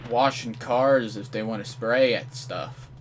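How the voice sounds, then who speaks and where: A young man giving live gameplay commentary, trash-talking opponents with playful mock threats and sudden outraged yells. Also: mid-range voice, fairly even intonation, a little slow, background noise. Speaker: gamer commentator.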